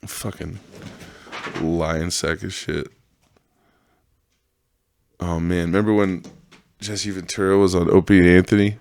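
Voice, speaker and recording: A man's voice: low-pitched, flat delivery, a little slow, vocal fry, long pauses, no room sound, studio quality. A man hosting a podcast, ranting casually in a profane, sarcastic, rambling way and laughing often. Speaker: podcast host. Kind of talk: casual monologue rant.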